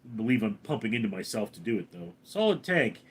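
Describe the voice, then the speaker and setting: A man's voice: on the low side, sing-song, fast talker, slightly rough. A man hosting a casual live stream, reading out viewer names and comments and answering them briefly. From Los Angeles, California. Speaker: livestream host reading chat.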